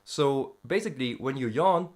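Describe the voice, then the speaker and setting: Speaking at a moderate pace in a medium-pitched, slightly mellow voice with lively intonation, a European man discusses vocal technique. He's a vocal student vlogger, and his casual singing-lesson vlog is hesitant, packed with fillers and dotted with short sound demos.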